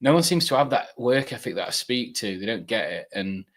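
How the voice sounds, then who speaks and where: A man's voice: mid-range voice, expressive, brisk, a bit bright. A young man from Britain, co-hosting a casual podcast chat and speaking reflectively with frequent hesitations. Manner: reflective, hesitant, lots of fillers. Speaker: podcast co-host.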